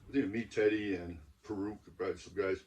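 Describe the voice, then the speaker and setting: A man's voice: fairly low pitch, fairly even intonation, quick pace, darkish tone, far from the mic, poor audio. A man from the Detroit area, a co-host telling a story in a loose, easygoing way in a casual chat.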